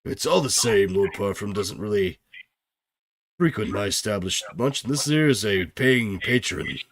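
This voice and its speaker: A man voicing a steady male tavern keeper who speaks in a measured, firm and folksy way. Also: on the low side, no echo.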